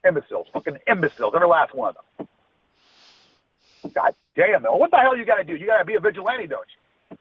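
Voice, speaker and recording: A man's voice: sits high, big pitch swings, quick pace, pauses often, husky, no room sound. A man on a phone call, ranting angrily with heavy swearing and stammered restarts. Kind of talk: heated phone conversation. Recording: tinny phone line with faint noise.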